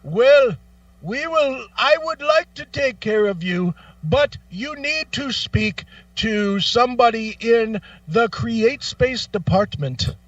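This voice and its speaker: A man's voice: very high voice, expressive, takes it slowly, fairly bright tone, no room sound, distant mic, muffled recording, voice pushed up, heavily acted. A man voicing a polite, confused male call-center agent with a put-on Indian accent, speaking formally and repeating phrases.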